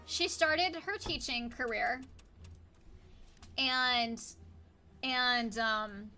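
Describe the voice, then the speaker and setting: A woman co-hosting a live stream with her husband, chatty and quick to laugh. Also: fairly high pitch, pushed and bright. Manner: chatty, emotional, laughs a lot. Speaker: streamer's wife and co-host. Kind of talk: casual live-stream chat.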